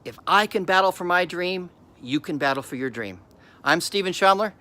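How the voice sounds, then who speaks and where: Homem animado de voz aguda e brilhante. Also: male voice, high voice, animated, moderate pace, pushed and bright. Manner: earnest and emotional, with repeated restarts. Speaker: host. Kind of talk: motivational talk.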